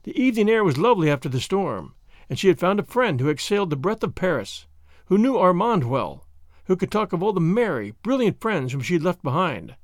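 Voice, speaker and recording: Man, audiobook narrator, expressive, dry close recording. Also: high-pitched, a little fast, no echo. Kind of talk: scripted narration.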